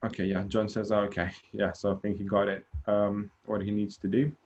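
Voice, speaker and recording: A man hosting an online session, relaxed, giving short agreeing replies and passing on questions. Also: on the low side, normal speed. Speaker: session host. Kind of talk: moderating online Q&A. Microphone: video call. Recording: dull lo-fi video call audio.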